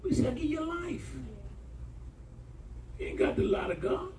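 A male pastor preaching a sermon, telling stories in a colloquial, animated way and calling out to the congregation. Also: extremely high pitch, normal speed. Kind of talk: sermon storytelling. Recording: echoey room from far off.

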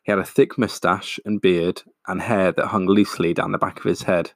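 A man, a podcast host, reading his own short story in a calm, steady way. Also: sits low, moderate pace, gravelly, few pauses, no echo, clean studio sound.

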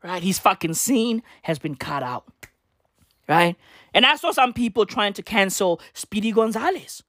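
A man's voice: sits high, animated, measured pace, a bit bright, dry recording, studio quality. A man ranting casually to camera, profane and slangy, rambling with constant rhetorical questions. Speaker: vlogger.

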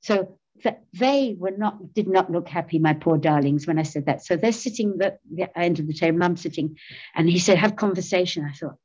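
A woman's voice: on the low side, moderate pace, darkish tone, husky, dull audio. A middle-aged woman giving a personal recovery testimony, candid and self-mocking, laughing often as she talks. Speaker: speaker sharing recovery story.

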